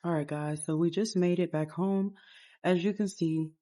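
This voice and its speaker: Brief: rambling casual game narrator, woman, lowish warm voice. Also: steady tone, normal speed. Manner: rambling, storytelling.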